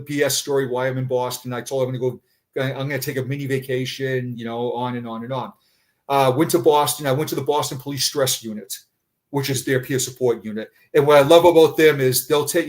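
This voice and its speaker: A middle-aged man, a retired police officer, telling a personal story in conversation, halting and often repeating words. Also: medium pitch, a little mellow.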